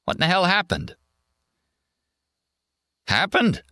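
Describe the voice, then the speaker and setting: A man narrating an audiobook voices a drunken, indignant young soldier who shouts and rants. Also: medium pitch, very animated, a little slow, no echo, pitched above the performer's own voice. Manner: shouting, slurred, raucous.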